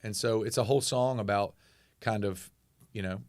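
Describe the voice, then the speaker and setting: A man's voice: lowish voice, normal speed, dry recording, studio quality. A man of forty with a Southern US accent, a musician talking candidly in an interview and swearing freely. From North Carolina, US. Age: 40s. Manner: candid, swears freely, animated when telling stories. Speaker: musician guest. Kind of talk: casual interview talk.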